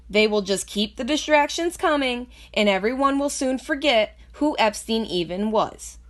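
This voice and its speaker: A woman's voice: a little high, fairly bright tone. A woman with a lisp reading news articles aloud and breaking in with skeptical, sarcastic commentary. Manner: skeptical, sarcastic asides between read passages.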